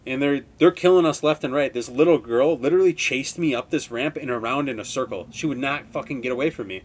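A young man in his twenties from Wisconsin hosts a podcast, recounting things in a loose, meandering monologue. His talk is laid-back and full of swearing. The pitch of his voice sits in the middle for a man. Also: fast talker, breathy edge. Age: 20s. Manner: rambling, heavily profane, laid-back. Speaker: podcast host. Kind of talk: casual storytelling monologue.

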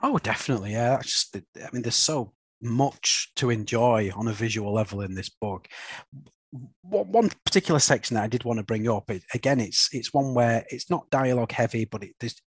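A husky-voiced man hosts a laid-back comics podcast. His voice sits at an ordinary pitch and sounds dry and close to the mic, with no room around it. He keeps checking in with tag questions as he talks. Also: lively intonation, a little fast, dry recording. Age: young adult or middle-aged, a father. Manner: chatty, leans on tag questions like "isn't it?". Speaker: podcast host. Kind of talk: casual comics review chat.

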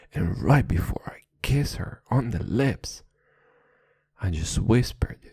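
A young man with a lively, bouncing voice who swings between high and low, swearing and laughing through a rambling podcast rant. English is not his first language. He talks right into a close microphone. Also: takes it slowly, breathy edge, whispered. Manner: profane, rambling, playful, laughs a lot. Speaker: podcast host. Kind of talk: crude comedic podcast rant.

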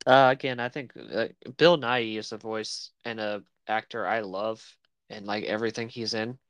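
A man's voice: on the low side, steady tone, moderate pace, fairly bright tone, no room sound. A man co-hosting a podcast in casual chat, easygoing and joking, with frequent fillers and hesitations. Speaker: podcast co-host.

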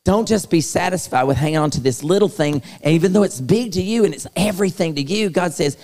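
A man preaching to a youth conference, animated and acting out the voices he quotes. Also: on the high side, quick pace, hardly any pauses. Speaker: youth pastor. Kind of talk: sermon. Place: large hall at a youth conference. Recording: long hall reverb.

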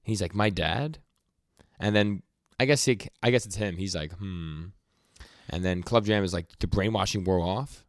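In a relaxed manga recap on a podcast, this young man retells comic moments as quick quoted lines, tripping over words frequently. His voice sits low, and there's no room sound.

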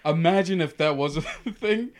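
A man's voice: on the high side, moderate pace. A man co-hosting a podcast, chatting casually, joking and steering the topics back on track. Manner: jokey, steers topics, says dude and bro. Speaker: podcast co-host.

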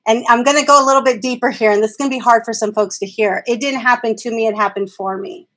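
A woman's voice: a little high, fairly even intonation, fast, a bit bright. A woman in her forties speaking earnestly and emphatically in candid conversation, now and then swearing for emphasis. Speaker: guest speaker with early education and trauma background. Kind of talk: candid conversational podcast talk.

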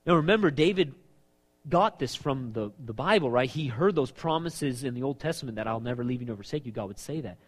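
A man preaching a sermon, animated, stepping into quoted voices. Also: medium pitch, fairly quick. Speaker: pastor.

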